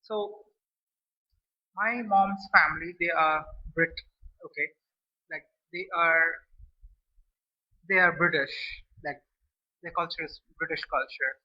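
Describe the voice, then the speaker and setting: A man's voice: fairly high pitch, takes it slowly, pauses often, slightly rough. A man from India, chatting casually to camera as a food vlogger, rambling and restarting his phrases. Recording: dull lo-fi recording.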